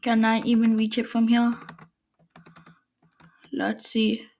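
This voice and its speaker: A woman's voice: fairly high pitch, completely flat delivery, takes it slowly, creaky, darkish tone. A woman giving casual gameplay commentary, chatting to herself while she builds. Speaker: gameplay video maker.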